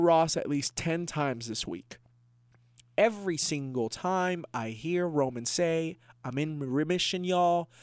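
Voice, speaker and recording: A young man talking excitedly on a podcast, his voice sitting a little high and swinging up when he gets worked up. He is openly emotional and emphatic. The sound is dry and close. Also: smooth, dry recording. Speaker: podcast co-host. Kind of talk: casual chat.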